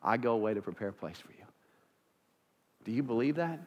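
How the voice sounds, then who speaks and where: A man's voice: medium pitch, animated, a little fast, long reverb tail, muffled recording. Fired-up male pastor preaching. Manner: fired-up preaching, swings from quiet to loud. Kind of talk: sermon.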